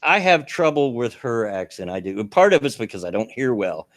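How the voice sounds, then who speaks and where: A man's voice: mid-range voice, big pitch swings, a little fast, a bit bright, no room sound, studio quality. An older man with a Southern US accent, hosting a casual talk show, stammering and laughing as he rambles. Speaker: podcast host. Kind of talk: casual chat.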